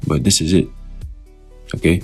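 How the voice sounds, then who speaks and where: A man's voice: extremely low pitch, moderate pace, darkish tone, breathy edge, soft background music. A man teaching scripture in a loose, talkative way, often putting questions to the listener.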